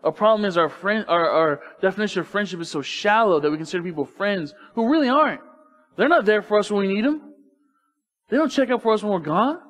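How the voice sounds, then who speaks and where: A man's voice: sits high, animated, a little fast, a bit bright. A man preaching a sermon in church, talking to the congregation casually and asking rhetorical questions. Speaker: pastor. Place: church sanctuary.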